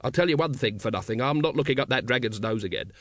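Man playing a gruff tired guard captain, glum, terse, lively intonation, dry close sound. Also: medium pitch, fast, no room sound, natural voice. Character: weary, bitter middle-aged male city guard captain. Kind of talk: audiobook character voice.

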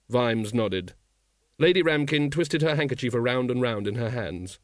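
A man narrates a novel with wry, expressive delivery, his pitch moving in wide, lively sweeps. The recording is dry and close, with no room sound. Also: normal speed, dry recording. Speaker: audiobook narrator. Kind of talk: scripted narration.

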